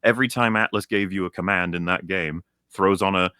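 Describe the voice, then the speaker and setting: Young male critic, low voice with a bright, forceful edge, dry close sound, swearing through an animated rant. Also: brisk, clean tone, no echo. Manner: animated, profane, mocks characters in put-on voices. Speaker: stream guest. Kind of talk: ranting game critique on a stream.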